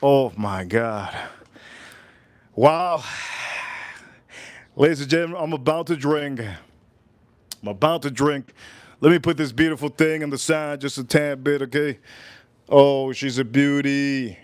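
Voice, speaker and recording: A man hosting a casual cooking and tasting livestream, who talks in a drawn-out, playful way and repeats his phrases. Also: medium pitch, no echo. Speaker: livestream host.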